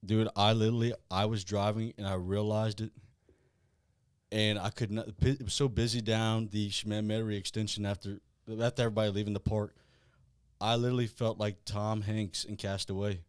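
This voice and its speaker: A man, hosting a casual podcast and talking in a blunt, profane, animated way. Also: on the low side, brisk, clean tone, dry recording, clean studio sound. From South Louisiana. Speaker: podcast host.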